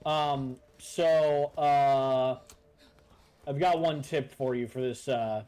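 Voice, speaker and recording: A man's voice: mid-range voice, steady tone, slow, dark tone, clean tone. A man on a gaming stream, laid-back and joking, swearing as he guides his co-player. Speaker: VTuber co-player. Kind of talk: casual game-stream banter.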